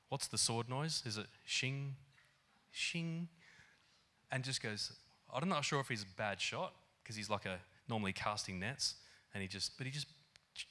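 A man preaching a sermon in an animated, conversational way, with lots of fillers. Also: lowish voice. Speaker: pastor. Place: church hall.

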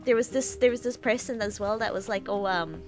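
A woman's voice: fairly high pitch, steady tone, brisk, a little mellow, faint music behind. Rambling, giggly woman streamer. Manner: rambling, giggly, sweary, with many restarts. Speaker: game streamer. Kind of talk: casual chat while streaming a game.

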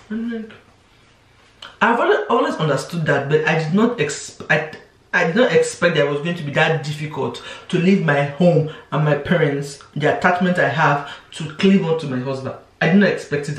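Speaking at a moderate pace in a low voice, a young woman vlogs casually to camera in a confessional way. She frequently restarts her sentences and puts on quoted voices, sounding distant in a roomy space.

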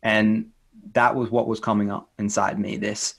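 A man speaking as an inner child life coach in an interview, earnest and gently encouraging, repeating phrases for emphasis. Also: fairly low pitch, level tone, moderate pace, vocal fry, slightly rough. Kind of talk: interview guest, reflective talk.

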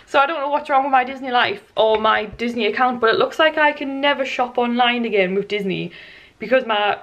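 A woman's voice: fairly high pitch, brisk, a bit bright, dull audio. A young woman talking casually in a vlog, chatty and flustered, tired and stressed. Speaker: vlogger.

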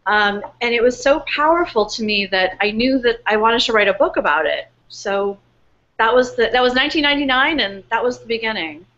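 An author speaking from home over a webcast, a woman with a slightly high voice, earnest and animated as she recounts where her book began. The sound is dull and lo-fi. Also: brisk. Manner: earnest, animated, with many fillers and restarts. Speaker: author being interviewed. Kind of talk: casual storytelling interview. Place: home in New York, remote webcast.

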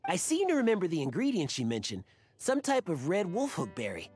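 A man's voice: high voice, wildly swooping pitch, fairly quick, a little mellow, husky, heavily acted. An actor playing an eager young male fan who is nervous and rambling, in game character dialogue.

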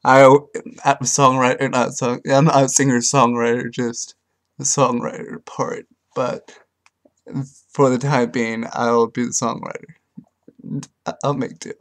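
Slow-talking man singing a cappella. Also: mid-range voice, little pitch movement. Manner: hesitant, halting speech with fillers; sings unaccompanied, off-the-cuff and earnest. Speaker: amateur songwriter. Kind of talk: homemade comic a cappella love song.

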